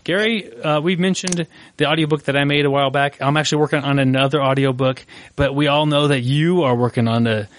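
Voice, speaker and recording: A man co-hosting a podcast in a relaxed, chatty way, teasing his partner. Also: fairly high pitch, brisk, few pauses, no room sound. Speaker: podcast co-host. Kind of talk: casual podcast chat.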